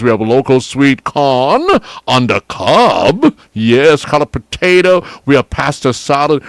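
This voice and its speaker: A radio host with an Antiguan accent and a medium-pitched voice chats casually on his show, with no room sound on the recording. Chuckling, he reads out the lunch specials with relish, savoring the food aloud.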